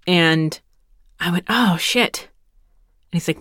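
A woman in her thirties tells a casual story in a rambling, wry way, with a few easy swears. Her voice sits a bit low. The recording is close and dry, with no room sound. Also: takes it slowly, fairly bright tone, dry recording. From Texas. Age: 30s.

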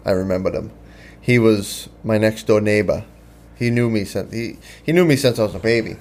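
A man in his thirties from Boston, with a Boston accent, telling his story in halting, casual talk that repeats words. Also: lowish voice, a little mellow. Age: 30s. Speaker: podcast guest in recovery.

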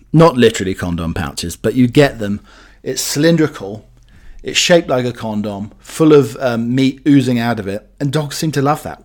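A man's voice: medium pitch, darkish tone. Rambling jokey man. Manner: chatty, jokey, meandering with many fillers. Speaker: podcast host. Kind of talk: rambling solo chat.

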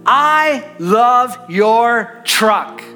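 A man voicing a loud, excited young man at a gas station, drawing his words out slowly. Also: very high voice, faint music behind, voice pushed up, heavily acted. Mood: loud admiring. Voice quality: loud, drawn-out, emphatic.

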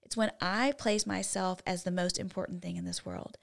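A woman with a lowish, vocal-fried voice speaks at a moderate pace, co-hosting a Christian parenting talk show. She explains her approach earnestly, like a teacher, with lively swings in volume during this faith-based parenting talk.

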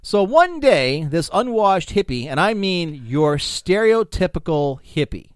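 Lively, rambling male podcast host. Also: high-pitched, unhurried, dry recording, clean studio sound. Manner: rambling, profane storyteller. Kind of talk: casual chat.

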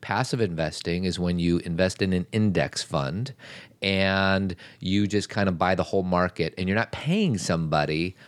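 Deep-voiced playful male podcast host. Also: moderate pace, no echo. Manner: playful, joking, riffs on movie lines. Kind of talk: casual chat.

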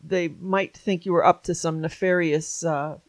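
A woman's voice: on the low side, fairly even intonation, unhurried, no echo. Dry-sounding woman hosting an interview. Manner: friendly, laughs easily. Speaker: interview host. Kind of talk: casual interview chat.

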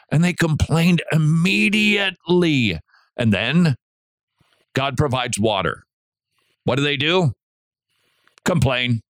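A middle-aged man hosting a Christian radio talk show, preaching in an animated way with asides and restarts. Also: a little high, takes it slowly, pauses often, dry recording, clean studio sound. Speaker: radio host.

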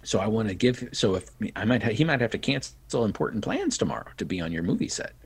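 A middle-aged man telling stories in casual chat, animated and acting out the people he quotes. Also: fairly low pitch, quick pace, creaky, husky, dry recording. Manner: animated, acts out quoted voices. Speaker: podcast guest. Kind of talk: casual storytelling.

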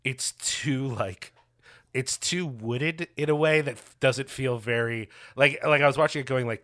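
A man's voice: medium pitch, measured pace, a bit bright. A man co-hosting a podcast in casual movie chat, rambling, restarting his sentences and swearing casually. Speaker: podcast co-host.

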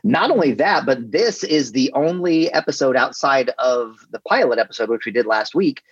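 Guy cohosting a podcast, husky lively voice, kinda muffled dry sound. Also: medium pitch, normal speed, no room sound. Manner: animated, acts out scenes in put-on voices. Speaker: podcast co-host. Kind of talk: casual chat.

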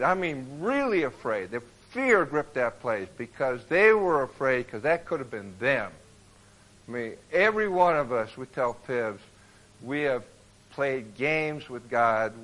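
A man preaching a sermon, retelling a Bible story in a colloquial, animated way and acting out the people in it. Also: mid-range voice, rough recording.

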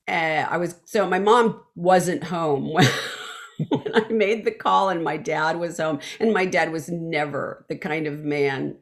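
A woman's voice: on the low side, measured pace. A woman singer telling her story in an interview, acting out quotes, with many fillers and restarts. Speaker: guest, backing vocalist.

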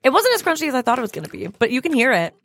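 A woman's voice: high voice, sing-song, rapid-fire, fairly bright tone, dry recording. Chatty laughing woman podcaster. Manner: chatty, agreeable, laughs often. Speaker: podcast co-host. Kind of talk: casual chat. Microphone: studio microphone.

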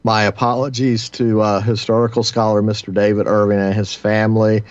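A man filling in as a radio host, talking in a halting monologue full of filler pauses, with a sardonic edge. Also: on the low side, little pitch movement, no room sound. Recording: dry, slightly muffled lo-fi sound.

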